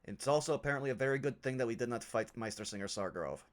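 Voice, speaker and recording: A man's voice: medium pitch, quick pace, natural voice. A man voicing Branson, a weary, wary bard in a tabletop game, with a dry, understated delivery.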